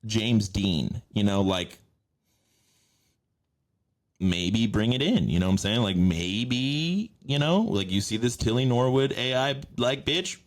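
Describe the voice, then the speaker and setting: Podcast host, man, very low voice, loose and profane. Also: lively intonation, slow. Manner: rambling, profane, many fillers. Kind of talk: casual chat.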